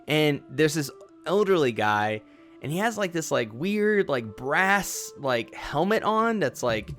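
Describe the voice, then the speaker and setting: A man's voice: fairly high pitch, very animated, takes it slowly, a bit bright, faint music behind. A man narrating a tabletop game as game master, loose and rambling.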